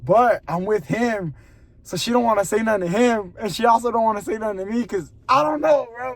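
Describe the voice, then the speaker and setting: High-voiced young man telling an animated story. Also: fairly quick, no room sound. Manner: animated, laughing often, drops to a hushed voice for suspense. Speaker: vlogger. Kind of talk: casual storytelling to camera. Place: parking lot at a gym at night.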